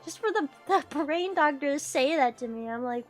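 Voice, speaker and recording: A woman with a high, animated voice streams a game at a normal speed, pausing little, with faint music in the background. She chats casually, swears freely and laughs often.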